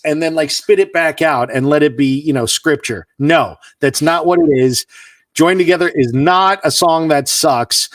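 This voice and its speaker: A man's voice: fairly high pitch, measured pace, no room sound, clean studio sound, far from the mic. A man co-hosting a music podcast, arguing his point in a mock-exasperated rant during a casual debate. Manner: mock-exasperated, argumentative ranting. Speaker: podcast co-host.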